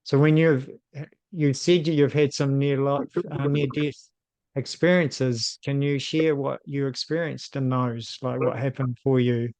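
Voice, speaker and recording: Man with a flat, even voice. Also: mid-range voice, measured pace, no room sound, rough recording. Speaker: podcast host. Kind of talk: interviewing a guest.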